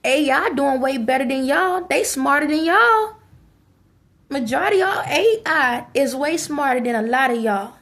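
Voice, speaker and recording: A woman's voice: sits high, expressive, normal speed, fairly bright tone. A woman giving a preachy, scolding monologue to her viewers, repeating phrases for emphasis. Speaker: vlogger. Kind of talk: ranting monologue to camera.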